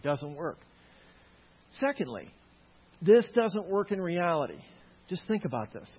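A man with a slightly high, breathy-edged voice lectures a live audience on Christian apologetics, tossing jokey asides to the crowd. The recording is dull and lo-fi, with the echo of a hall.

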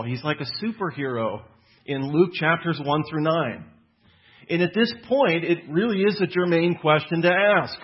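Husky-voiced man preaching a sermon. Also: fairly high pitch. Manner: earnest teaching, slows for emphasis on quotes. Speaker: pastor. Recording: dull lo-fi sound.

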